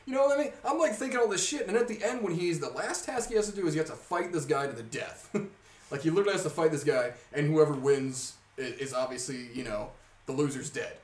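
A young man in casual podcast chat, retelling a story with heavy swearing, frequent laughter and rising excitement. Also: a little high, fairly quick, distant mic. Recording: roomy sound from off mic.

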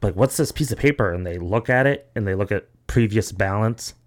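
A young man with a somewhat low voice hosts a casual podcast. He tells long, rambling stories full of "like" and "you know". He swears freely as he goes. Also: fairly quick. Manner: rambling, profane storytelling full of "like". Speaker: podcast host. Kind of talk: casual chat.

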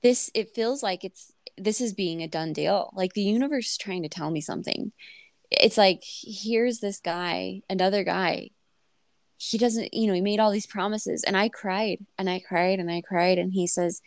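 A woman's voice: mid-range voice, normal speed, dry recording, studio quality. A woman in her thirties telling a personal story on a podcast, candid and emotional, with many fillers and restarts. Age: 30s. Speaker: podcast host.

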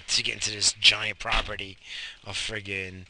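A man's voice: deep voice, flat delivery, fairly quick, vocal fry, background noise. A young man, talking outdoors at night in a rambling, griping monologue full of swearing. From Atlantic coast of the US. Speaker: vlogger.

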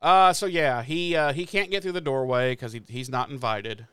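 A man's voice: medium pitch, moderate pace, smooth, no echo, studio quality. A man from the Midwest co-hosting a podcast, recapping a TV episode in casual chat and acting out the characters' lines with plenty of swearing. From American Midwest. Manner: animated retelling with profanity and acted-out quotes. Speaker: podcast co-host.

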